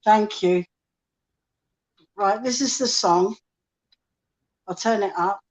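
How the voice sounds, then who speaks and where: A woman's voice: medium pitch, takes it slowly. A woman chatting on a live stream as a guest, telling a story and quoting the people in it. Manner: chatty storyteller, quotes others. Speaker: guest musician. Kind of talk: casual live-stream chat. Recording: dull lo-fi stream audio.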